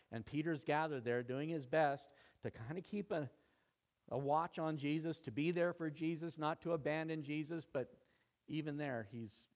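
A male pastor giving a conversational sermon, with a voice that swells louder when he presses a point. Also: on the high side.

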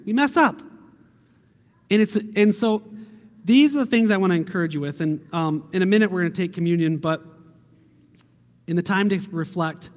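Male pastor, middle-aged, earnest conversational sermon, high voice, long hall echo. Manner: earnest, conversational preaching with a quiet prayer close.

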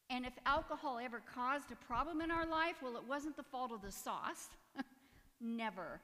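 A woman's voice: fairly high pitch, fairly bright tone, big-room sound. A woman giving a personal testimony in church, earnest and emotional, with nervous little laughs. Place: church sanctuary.

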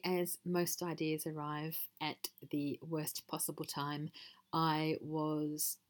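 Wry woman reading a story, lowish voice. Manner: dry and wry. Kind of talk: storybook narration.

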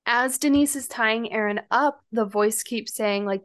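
A woman's voice: on the high side, unhurried, hardly any pauses, a bit bright. Woman recounting a true-crime story. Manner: retelling events with frequent fillers. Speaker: podcast co-host.

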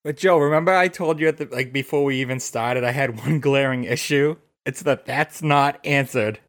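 A man on a casual podcast who talks in an expressive, joking way. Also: mid-range voice, normal speed.

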